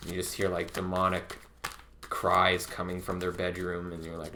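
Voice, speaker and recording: A man's voice: deep voice, flat delivery, normal speed, background noise. A man giving a casual tarot reading in a laid-back, profane way, filling his talk with "like". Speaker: tarot reader.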